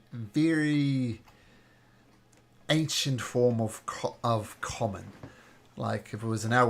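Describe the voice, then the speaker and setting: A man running a tabletop game as game master, relaxed and prone to restarts. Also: fairly low pitch.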